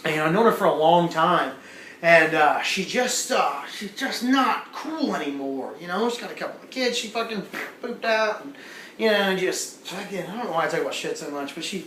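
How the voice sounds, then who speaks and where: A man's voice: sits high, lively intonation, brisk, sharp tone, slight background noise. A young man doing a stand-up comedy set, telling a rambling, profane story with lots of swearing and asides to the crowd. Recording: echoey room with faint ambience.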